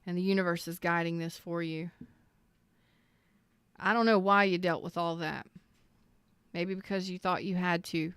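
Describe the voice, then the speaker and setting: A woman's voice: on the low side, steady tone, moderate pace, pauses often, fairly bright tone, smooth, dry recording. Emotional, earnest woman tarot reader. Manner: earnest, emotional, repeats phrases, near tears. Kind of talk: emotional tarot reading to camera.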